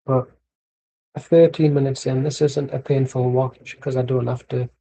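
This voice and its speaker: An English man with a gravelly, husky voice chats loosely while watching a match on stream. He drifts from one tangent to the next and drops the odd swear word without a second thought. His tone sits dark and mellow. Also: mid-range voice, flat delivery, measured pace, poor audio. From England. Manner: chatty, tangential, swears casually. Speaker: streamer hosting a football watchalong. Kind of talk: casual rambling chat.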